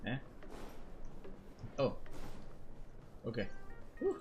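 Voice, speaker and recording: A man's voice: medium pitch, huge pitch swings, very slow, highs cut off, soft background music. A young man streaming a game, chatting casually and reacting as he plays. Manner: chatty, reacting, mumbling asides.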